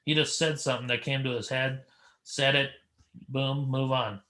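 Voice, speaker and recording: A man hosting a podcast, telling an animated story and acting out the people in it. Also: mid-range voice, moderate pace. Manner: animated storyteller, acts out voices, laughs a lot. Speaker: podcast host. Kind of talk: casual chat, storytelling.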